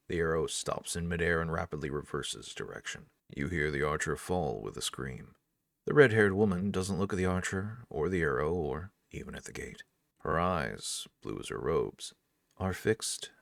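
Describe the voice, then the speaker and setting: Deep gravelly male storyteller. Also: no room sound, studio quality. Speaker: audiobook narrator. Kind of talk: scripted narration of an interactive fantasy novel.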